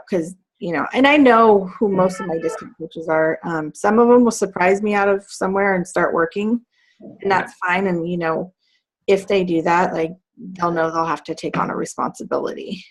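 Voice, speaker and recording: A woman in her thirties, a fitness team coach, chatting casually on a team call with many fillers and laughs. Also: lowish voice.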